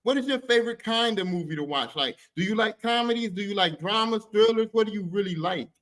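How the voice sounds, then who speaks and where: A man hosting a podcast, telling movie stories in an animated, profane, slangy way. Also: high-pitched, fast, low-quality recording. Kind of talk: casual chat about movies.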